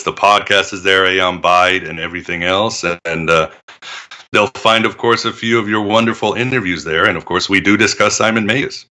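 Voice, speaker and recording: A deep-voiced man guesting on a podcast, his low tone paired with a very bright, sharp edge. He talks expansively, spinning stories and laughing often. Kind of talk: conversational interview.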